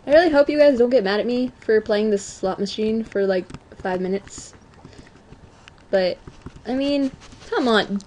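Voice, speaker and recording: A teenage girl at home giving chatty, self-mocking commentary on a video game, often apologizing and breaking into excited outbursts. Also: mid-range voice, measured pace, long pauses. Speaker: let's play gamer. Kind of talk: casual gameplay commentary.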